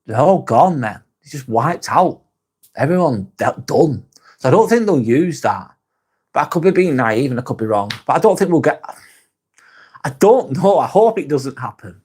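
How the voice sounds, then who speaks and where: A man's voice: medium pitch, very animated, normal speed, darkish tone, husky. Blunt, chatty British man on a live stream. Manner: blunt, swears casually, chatty and laughing. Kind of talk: casual live-stream chat reading comments.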